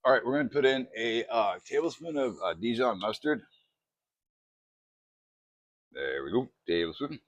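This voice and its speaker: Chatty, excitable man cooking at home. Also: mid-range voice, moderate pace, long pauses, no room sound. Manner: chatty, excitable, self-mocking. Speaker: cooking vlogger. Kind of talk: casual cooking demo. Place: home kitchen.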